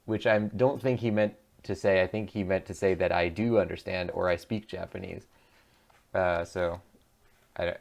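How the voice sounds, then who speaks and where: A man's voice: sits low, vocal fry. A man giving chatty, musing commentary over a game as a streamer, often laughing. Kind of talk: gameplay commentary.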